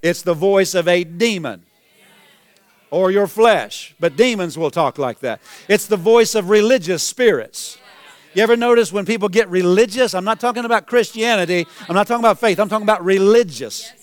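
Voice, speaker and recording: Man preaching, pastor, emphatic, repetitive, crisp voice, dry sound. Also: high-pitched, normal speed, no echo. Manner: emphatic preaching, repeats phrases, rises to shouts. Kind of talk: sermon.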